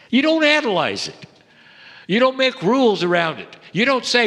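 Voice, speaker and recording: A man delivering a channeled spiritual message to a live audience, slow and solemn, swelling up and then sinking to a soft hush. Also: high-pitched, huge pitch swings. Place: event hall. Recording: long hall reverb.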